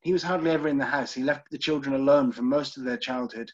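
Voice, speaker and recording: A British man from the United Kingdom runs a live online literary tour, his mid-range voice moving at a quick pace with fairly even intonation over dull audio. He chats casually, checks in with viewers, and says "um" a lot.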